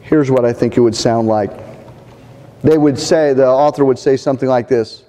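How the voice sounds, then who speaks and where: A man preaching a sermon as pastor, in a measured delivery that builds to an impassioned, rousing pitch. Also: mellow, in a large hall.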